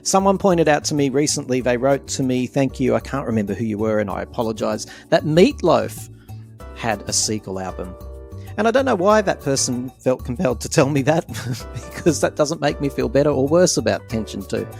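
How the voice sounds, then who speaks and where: A man's voice: mid-range voice, sing-song, a little fast, gravelly, darkish tone, soft background music. A man with an Australian accent hosting a podcast, chatty and jokey, laughing often. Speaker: podcast host. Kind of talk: casual chat.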